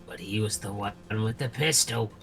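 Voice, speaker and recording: A man's voice: on the low side, moderate pace, a bit bright, faint music behind. A man voicing a scheming young woman in a fan voice-over of a game, sly and mocking.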